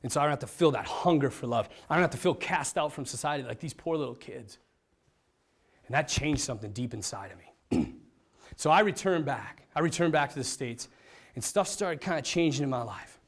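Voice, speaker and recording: A priest giving a personal testimony to a group, animated and self-mocking. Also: male voice, medium pitch, a little fast. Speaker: priest, vocation director.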